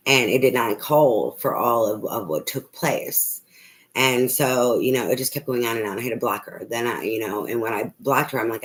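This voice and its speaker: In a low-quality recording, a middle-aged tarot reader with a rumbling low voice talks at a moderate pace. Her monologue is personal, emotional venting over family problems, full of swearing, restarted sentences and blunt emphasis.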